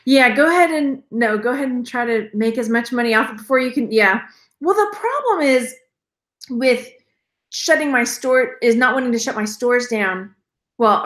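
A Texan woman in her thirties chats on a live stream, rambling from one thought to the next. She laughs often and slips into quoted voices. Her voice sits a little high and carries some room echo. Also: fairly bright tone. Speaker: reseller vlogger. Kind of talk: casual live-stream chat. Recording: echoey room.

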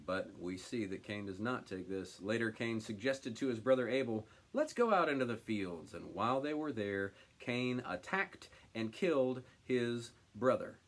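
Animated man leading a Bible study. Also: mid-range voice, measured pace, few pauses. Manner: animated, paraphrasing God's words in a direct conversational voice. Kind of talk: reading scripture aloud and commenting.

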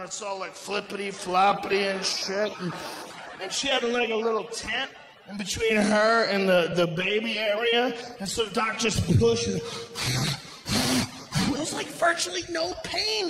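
A middle-aged man doing a stand-up comedy set, telling a story loudly and profanely with shouted bursts. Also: sits high, background noise. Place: comedy venue on stage. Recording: echoey live venue with ambience.

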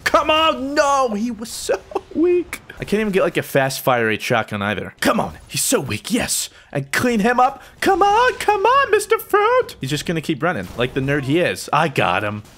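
A man giving excitable live gameplay commentary, joking and trash-talking opponents as he plays. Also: fairly high pitch, normal speed, few pauses. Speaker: gaming channel host.

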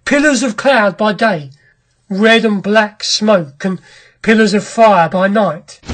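A storyteller reads as a restless ironworks master who talks fast and hard, urging his companion along. The voice is husky and sits in a middle pitch. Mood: curt. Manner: brisk, talkative, commanding. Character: ironworks owner, a grim restless man. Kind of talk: audiobook character reading.

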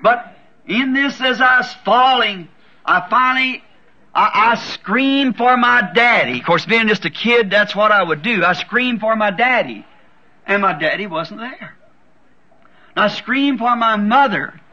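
A man's voice: high-pitched, lively intonation, a little slow, pushed and bright. A man preaching a sermon, telling a vision as a fervent testimony and repeating words for emphasis. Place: church. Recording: dull lo-fi 1960s tape recording.

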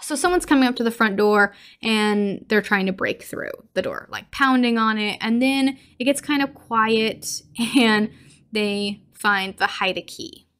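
A woman's voice: a little high, unhurried, fairly bright tone, smooth. A young adult woman hosting a podcast, casually retelling a horror movie scene by scene, laughing often and acting out the characters' lines. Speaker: podcast host.

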